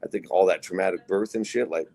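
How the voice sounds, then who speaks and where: A man's voice: deep voice, quick pace, vocal fry, darkish tone. A middle-aged man co-hosting a casual podcast, telling profane stories and acting out the voices of the people in them. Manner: profane storyteller, acts out quoted voices. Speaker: podcast co-host.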